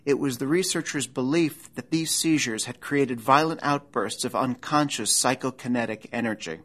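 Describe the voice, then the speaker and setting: A man reading scripted documentary narration about an eerie true case, with a measured, dramatic storytelling delivery. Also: mid-range voice, a bit bright.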